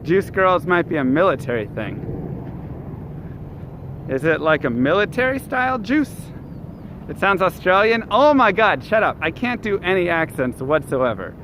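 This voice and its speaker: A man's voice: high voice, lively intonation, normal speed. Chatty man streaming from a city street. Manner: chatty, reads chat aloud and answers it. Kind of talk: casual live-stream chat. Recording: street noise behind.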